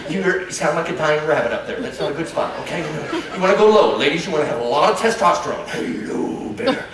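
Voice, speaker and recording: A man's voice: on the high side, expressive, quick pace, a crowd in the background. A man giving a playful, joking live lecture about wildlife in a large hall, recorded from far off. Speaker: nature lecturer. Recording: echoey hall from far off, noisy.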